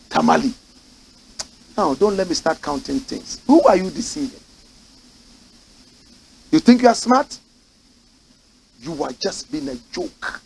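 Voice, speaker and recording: A man with a Ghanaian English accent, a host delivering impassioned political commentary in a studio, swinging between shouting and low muttering. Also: creaky, slight background noise, low-quality recording. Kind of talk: impassioned talk-show commentary.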